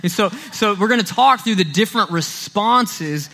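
Conversational pastor preaching a sermon. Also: male voice, sits high, animated, moderate pace, sharp tone. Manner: conversational storytelling, frequent "right?" asides.

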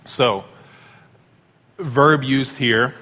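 A man delivers a sermon in a relaxed, conversational storytelling manner. His voice sits at an ordinary middle pitch. It is heard in a church with a long, ringing reverb. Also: extremely slow. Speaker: pastor.

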